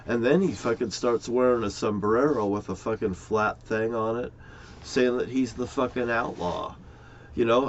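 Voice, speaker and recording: A man's voice: medium pitch, a little hiss or hum. A middle-aged man, an amateur crime sleuth, rambles in a loose, profane monologue and chuckles often. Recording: dull lo-fi recording.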